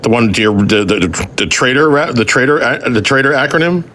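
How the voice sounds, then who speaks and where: A man from Massachusetts calling in to a live stream, joking dryly with wordplay in a measured way. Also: mid-range voice, lively intonation, pushed and bright. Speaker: caller. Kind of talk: casual call-in chat.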